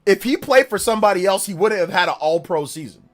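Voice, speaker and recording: A man's voice: high-pitched, expressive, quick pace. Emphatic, argumentative male streamer. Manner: emphatic, argumentative, talks back to chat. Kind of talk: live stream reaction and chat.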